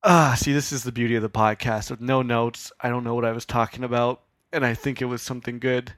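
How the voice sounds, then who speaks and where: A man's voice: medium pitch, level tone, fast talker, fairly bright tone, dry recording, studio quality. A young man hosting a solo podcast in a casual, rambling, self-deprecating way, swearing now and then. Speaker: podcast host.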